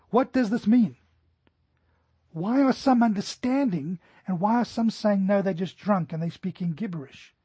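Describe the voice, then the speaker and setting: A middle-aged man preaching a sermon earnestly, slowing down to stress scripture. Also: high voice, mellow, breathy edge, no room sound. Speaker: pastor. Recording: dry, dull lo-fi recording.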